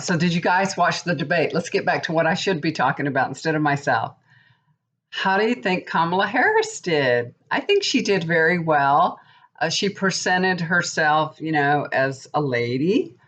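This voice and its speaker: A woman in her fifties with a deep, slightly bright voice, she's a tarot reader and psychic rambling casually to camera. She gets worked up as she goes, and the recording is dull and lo-fi.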